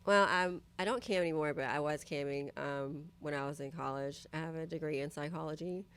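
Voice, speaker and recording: A woman's voice: low voice, steady tone, a little fast, a bit bright, clean tone. A young woman guest on a podcast, chatting candidly and animatedly, full of "like" and "you know what I mean", often voicing the people she quotes. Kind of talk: casual chat, candid storytelling.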